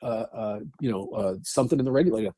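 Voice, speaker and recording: A man's voice: lowish voice, quick pace, dark tone, dry recording. A middle-aged man, telling stories bluntly as a podcast guest, with frequent restarts and swearing. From New York. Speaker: guest, actor and firefighter. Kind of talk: casual podcast interview.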